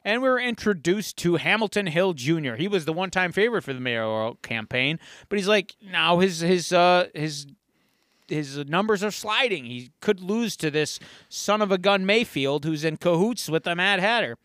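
A man hosting a podcast, retelling an episode in an animated, storytelling way. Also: high-pitched, normal speed, dry recording, clean studio sound. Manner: animated storytelling, acting out quotes. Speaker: podcast host. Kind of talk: casual episode recap.

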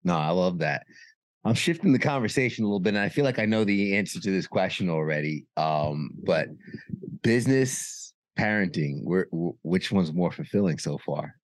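A man's voice: low-pitched, animated, moderate pace, dry recording, clean studio sound. A man hosting a podcast interview, asking thoughtful questions and affirming his guest. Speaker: podcast host. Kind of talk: casual interview talk.

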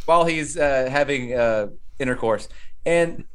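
A man's voice: medium pitch, measured pace, fairly bright tone, clean tone. A man co-hosting a podcast, retelling a horror film casually and animatedly, with laughs and acted-out quotes. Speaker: podcast co-host. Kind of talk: casual movie recap chat.

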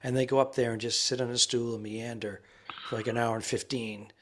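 A man co-hosting a podcast, talking casually and rambling from a quiet bedroom. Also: medium pitch, a little fast, slight background noise. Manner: rambling, relaxed, trails off into murmurs. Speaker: podcast co-host. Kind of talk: casual chat. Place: quiet ensuite bedroom in a busy rental house. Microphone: remote podcast recording.

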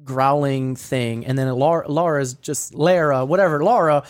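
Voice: medium pitch, a little slow. A podcast co-host retelling a video in a rambling, casual way, full of fillers and swearing. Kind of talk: casual storytelling recap.

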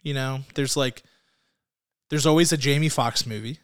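A man's voice: medium pitch, normal speed, clean tone. A man co-hosting a casual film podcast, rambling, often laughing and searching for words. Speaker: podcast co-host.

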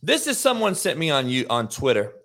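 A man's voice: medium pitch, huge pitch swings, brisk, gravelly, a bit bright. A middle-aged man hosting a live sports show, ranting in a heated, profane way, mocking his chat and laughing between lines. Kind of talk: live-streamed sports rant.

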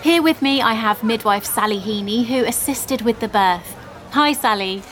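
A woman's voice: fairly high pitch, normal speed, a little hiss or hum, natural voice. A woman playing a cheerful female TV news presenter in a comedy sketch. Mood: chirpy. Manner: bright newsreader delivery.

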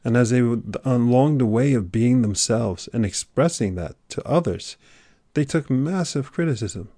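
A man giving a motivational monologue, preachy, swinging from loud urging to a hushed near-whisper. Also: mid-range voice, normal speed, no echo, clean studio sound. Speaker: motivational speaker.

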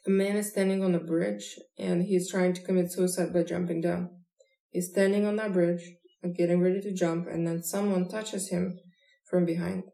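A woman's voice: fairly low pitch, flat delivery, moderate pace, gravelly, mellow. A woman hosting a casual chat and telling jokes, laughing easily. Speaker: podcast host. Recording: echoey room.

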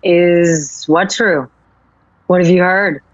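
A woman reading the part of a calm, hard-to-read female prison officer in a live script reading, brisk and commanding. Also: lowish voice, no room sound, highs cut off. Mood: level. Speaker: actor in a table read.

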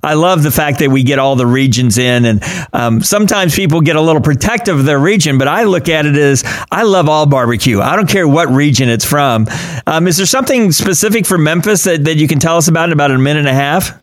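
A man's voice: on the high side, expressive, fast talker, no room sound. A man co-hosting a radio talk show, joking and reading sponsor plugs in a casual chat. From Kansas. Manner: jokey, upbeat, reads plugs.

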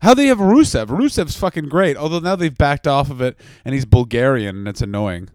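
A man co-hosting a comedy podcast, swearing freely as he rattles through stories. His voice sits slightly high for a man, recorded close and dry on a podcast mic. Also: lively intonation, a little mellow, no room sound. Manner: profane, fast-talking storyteller. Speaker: podcast co-host. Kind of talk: comedic casual chat.

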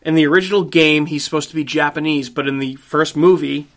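A man with a voice on the high side speaks briskly as co-host of a casual movie review chat. His storytelling is animated and emphatic, and he swears freely.

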